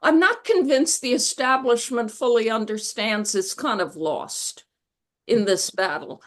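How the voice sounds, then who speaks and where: A woman being interviewed as an author, telling stories in a reflective, measured way. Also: fairly high pitch, a bit bright. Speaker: guest author. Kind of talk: conversational interview.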